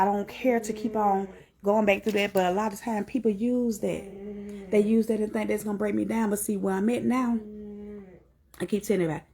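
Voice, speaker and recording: A middle-aged woman giving an earnest spoken testimony, repeating herself and climbing to high emphatic peaks. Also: creaky, a little mellow.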